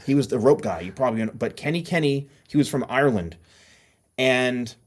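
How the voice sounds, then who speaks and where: A middle-aged man from New Jersey hosts a casual podcast chat. He tells long stories with energy and acts out the lines of the people in them. His voice sits at an ordinary middle pitch. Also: brisk. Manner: animated storyteller who acts out voices in his anecdotes. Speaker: podcast host.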